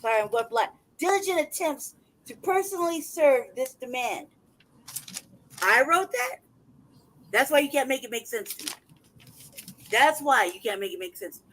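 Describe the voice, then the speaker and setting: A man holds forth on a casual livestream in a heated, profane torrent. His voice sits unusually high for a man. He reads documents aloud with open mockery. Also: big pitch swings, moderate pace, long pauses, a bit bright, slight background noise, poor audio. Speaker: livestream host.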